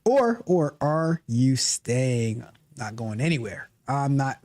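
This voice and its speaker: A man's voice: medium pitch, very animated, slow, darkish tone, slight background noise. A man hosting a casual coding livestream, reading out viewer comments and talking animatedly, often repeating and restarting his phrases. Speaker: livestream host, coding coach.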